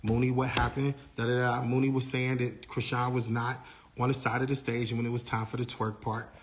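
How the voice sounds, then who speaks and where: A man's voice: mid-range voice, flat delivery, a little fast. A man telling a long backstage story in casual, rambling talk, repeating himself and acting out what others said. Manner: rambling, repeats himself, acts out quoted dialogue. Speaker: storyteller recounting a backstage event.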